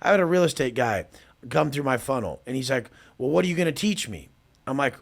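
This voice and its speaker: A man's voice: on the high side, lively intonation, moderate pace, creaky, fairly bright tone. A man talking as a podcast guest, brash and profane, mocking people as he acts out both sides of past conversations. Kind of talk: casual podcast talk.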